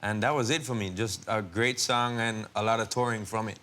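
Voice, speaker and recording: A man's voice: lowish voice, steady tone, brisk, bright, forceful tone. A man with a Jamaican accent, a guest musician answering interview questions in an easygoing, laid-back way. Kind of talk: relaxed interview chat.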